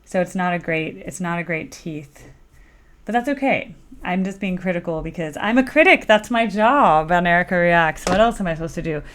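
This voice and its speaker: A woman's voice: fairly low pitch, expressive, normal speed, a bit bright. A woman hosting a music reaction video, chatting casually and rambling with many fillers and playful asides. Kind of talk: casual chat.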